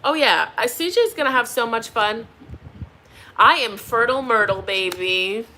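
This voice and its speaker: A woman's voice: fairly high pitch, moderate pace, sharp tone, slight background noise. A pregnant young woman doing a tarot reading, chatting casually with viewers and laughing often. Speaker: tarot reader.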